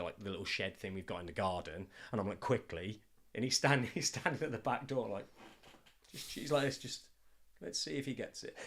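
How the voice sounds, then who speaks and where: A man hosting a podcast, telling stories in a lively way and swearing freely. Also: lowish voice. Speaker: podcast host and father. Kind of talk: casual podcast chat.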